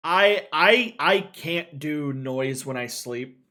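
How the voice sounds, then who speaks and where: Brief: male co-host, fairly high voice, lively pitch, jokey banter. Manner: joking, quick reactions. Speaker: podcast co-host. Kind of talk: casual chat.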